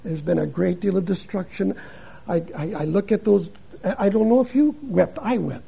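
An older man, a missionary preacher, giving a dramatic sermon that swings between loud emphasis and hushed drops. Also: high-pitched, moderate pace, vocal fry, breathy edge, highs cut off.

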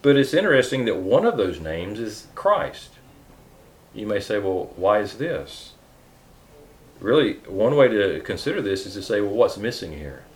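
A man's voice: on the low side, sing-song, a little slow. A man preaching a sermon, reading scripture aloud with earnest emphasis and some hesitant restarts.

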